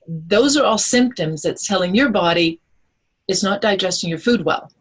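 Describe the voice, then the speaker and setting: A woman, a holistic nutritionist, explaining things in an animated way on a radio interview. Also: medium pitch, normal speed, husky, poor audio. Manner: animated, explanatory, acts out quotes.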